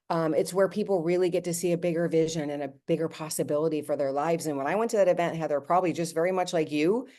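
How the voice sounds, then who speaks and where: A woman in her fifties, a network marketing team leader, telling her story in a chatty, animated way on a team call, acting out quotes and talking straight to her listeners. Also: low-pitched.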